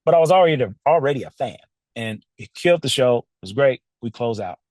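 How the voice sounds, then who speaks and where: A man's voice: medium pitch, lively intonation, quick pace, darkish tone, dry recording. A man hosting a podcast, telling a story casually and animatedly, laughing often and talking straight to his listeners from a studio. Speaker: podcast host.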